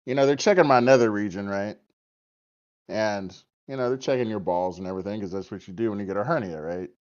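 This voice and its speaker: A man's voice: on the low side, fast talker. Profane man telling a story, dull audio. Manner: profane, animated, laughs often. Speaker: podcast guest. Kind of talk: casual storytelling.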